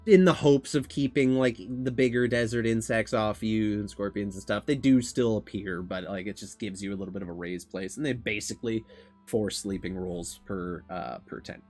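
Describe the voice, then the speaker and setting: A man running a tabletop game as game master, describing scenes in a relaxed, casual way. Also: lowish voice, normal speed, faint music behind.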